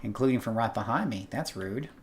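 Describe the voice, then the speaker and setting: A man's voice: medium pitch, expressive, fairly quick. A man streaming a video game, commenting casually in a chatty, wry way and exclaiming at the action. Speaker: gaming streamer. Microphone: headset earpiece.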